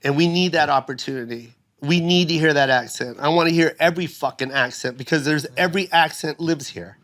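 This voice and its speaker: A man in his fifties, a guest comedian telling stories on a podcast in an animated, profane way. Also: on the high side, a little fast. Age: 50s. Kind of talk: podcast conversation.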